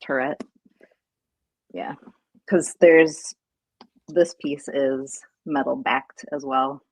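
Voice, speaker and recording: A woman's voice: very deep voice, fairly even intonation, drawn-out words, darkish tone, breathy edge, dry recording. A woman guest on a talk show, casually explaining things in an easygoing way. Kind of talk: casual chat.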